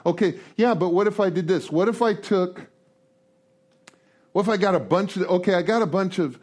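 A man's voice: sits high, normal speed, a little mellow. A middle-aged man speaking at a recovery meeting, storytelling in a rambling, conversational way with humorous asides. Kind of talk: storytelling talk to a group.

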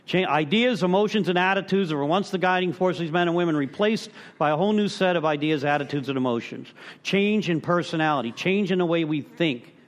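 A man's voice: on the high side, brisk. A man speaking to a recovery group, reading from the text and breaking in with his own comments, often checking that the room is with him. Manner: conversational, asks the room for agreement; animated storytelling.

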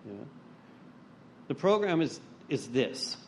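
A middle-aged man shares his recovery story at a meeting, speaking slowly in a medium-pitched, sing-song voice over a faint hiss or hum. His telling is blunt and profane, and he performs the voices of anyone he quotes.

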